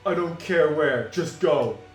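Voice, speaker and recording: A man voicing a stern middle-aged male Pianta mafia boss in a gruff, commanding, theatrical way. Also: fairly high pitch, slow pace. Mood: angry. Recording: echoey room, music behind.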